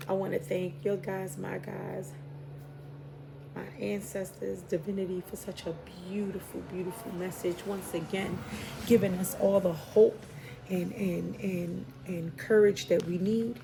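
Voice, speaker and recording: A woman's voice: mid-range voice, gravelly. A woman with a New York accent giving a heartfelt spiritual tarot reading to her viewers. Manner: heartfelt, preachy, addresses viewers as y'all and baby. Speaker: tarot reader. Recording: noisy home recording.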